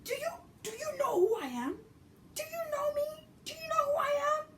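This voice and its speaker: Indignant woman, crisp enunciation, shrill and high, put on by a female storyteller; distant mic. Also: animated, moderate pace, a bit bright, echoey room. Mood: outraged. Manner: shrill, outraged demands.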